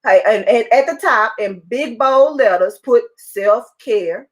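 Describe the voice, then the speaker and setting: A woman speaking as a motivational speaker on a call, pitching with excited, upbeat urging that keeps repeating its point. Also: unhurried. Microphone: call audio.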